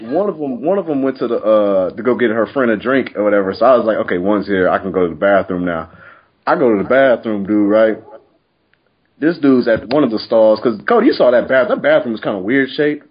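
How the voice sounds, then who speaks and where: A man's voice: mid-range voice, brisk, breathy edge, dull audio. A man telling profane, funny stories in a casual chat, laughing often as he goes. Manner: animated, profane, laughs often mid-story.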